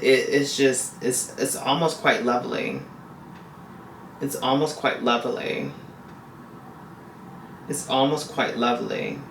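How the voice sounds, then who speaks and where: A woman's voice: extremely low pitch, a bit bright. A woman talking straight to her viewers in a casual, rambling vlog, often repeating her own phrases. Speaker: vlogger. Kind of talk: casual confessional vlog talk. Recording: echoey room with faint hiss.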